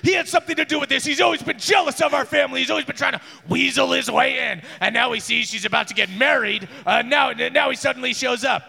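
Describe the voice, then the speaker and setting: A man's voice: extremely high pitch, quick pace, vocal fry, few pauses, sharp tone, voice pushed up, full character voice. A man voicing a furious, jealous noble dwarf father who rants and hurls accusations in a tabletop game. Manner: ranting, accusing. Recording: echoey room with long reverb.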